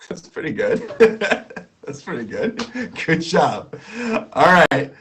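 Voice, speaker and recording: A man's voice: a little high, sing-song, takes it slowly, fairly bright tone, slight background noise. A man hosting a live stream quiz in a playful way, laughing often and repeating himself.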